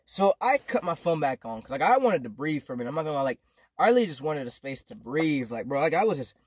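Young man, slightly high voice, slangy, profane, rambling storytime vlog, dry room. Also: very animated, fast, breathy edge, no room sound. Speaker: vlogger. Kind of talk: casual storytime.

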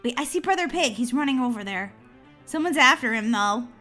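A woman with a high, very bright voice narrates her game play. She gives excitable let's-play commentary, swooping all over her range, giggling often and letting out shrieks whenever something chases her. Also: a little fast, soft background music. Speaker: gaming channel host.

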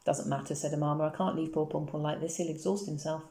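A woman's voice: low voice, steady tone, fast talker, mellow, echoey room. A woman reading aloud and voicing an effusive elderly grandmother who dotes on her dog. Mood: doting. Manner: effusive and dramatic, cooing endearments.

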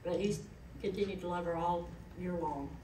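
A woman's voice: fairly low pitch, normal speed, dark tone, a little hiss or hum. A middle-aged woman, giving a eulogy in a chatty, folksy storytelling way. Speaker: eulogist, daughter of the deceased. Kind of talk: eulogy told as personal stories. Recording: echoey hall, voice from far off.

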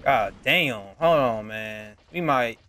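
A man's voice: mid-range voice, takes it slowly, sharp tone, slight background noise. A young man giving casual gameplay commentary, muttering and cursing in frustration at the game. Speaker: gaming channel host.

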